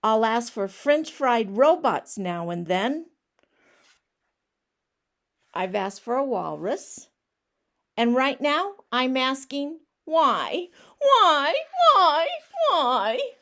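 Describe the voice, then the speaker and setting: A woman voicing a pushy, whiny male pigeon who keeps demanding things, in a loud, insistent, complaining way. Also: sits high, lively intonation, slow pace, creaky, voice pushed up, exaggerated voice. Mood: indignant.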